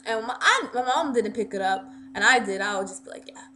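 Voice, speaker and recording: A woman tells a rambling storytime vlog in a bright, sharp voice, pitched a little high. She hops between fillers and restarts, and a faint hum sits under the recording. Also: expressive, brisk. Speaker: vlogger. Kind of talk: casual storytime.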